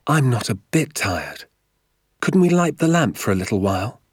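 A man's voice: medium pitch, big pitch swings, moderate pace, slightly rough, dry recording, studio quality, voice pushed up. A man voicing an earnest, anxious young boy who asks eager questions in a storybook reading. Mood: anxious questioning.

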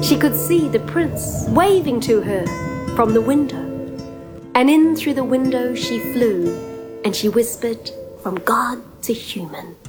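Slow expressive woman storyteller. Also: fairly high pitch. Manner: slow, expressive, drops to whispers and sings. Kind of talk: oral storytelling.

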